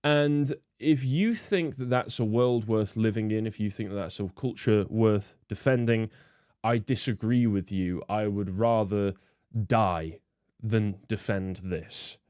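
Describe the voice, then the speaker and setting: A man's voice: on the low side, measured pace, darkish tone, clear, resonant tone, no echo, clean studio sound. Disdainful man ranting. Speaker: host. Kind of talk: political commentary.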